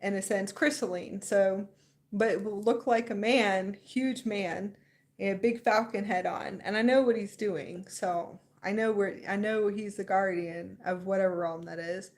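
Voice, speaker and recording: A young woman in casual livestream chat on a spiritual stream speaks unhurriedly in an ordinary-pitched voice. She rambles with excitement, laughing frequently as she goes.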